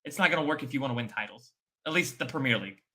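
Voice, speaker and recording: A man's voice: mid-range voice, lively intonation, very fast, pushed and bright. A man giving emphatic, opinionated football takes in a casual chat, repeating his points. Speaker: football fan pundit. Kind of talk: casual post-match chat.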